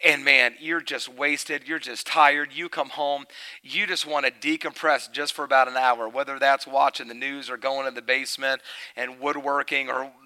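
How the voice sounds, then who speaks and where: A middle-aged man preaching a sermon. He tells a family story, then turns loud and emphatic. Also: mid-range voice, steady tone, normal speed, rough recording.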